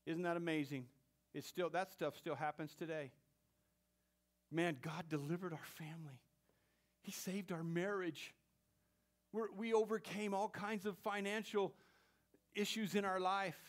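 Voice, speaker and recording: A man preaching a sermon to his church, playful with the congregation, swinging between loud exclamations and hushed whispers. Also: high-pitched, steady tone, unhurried, long pauses. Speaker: pastor.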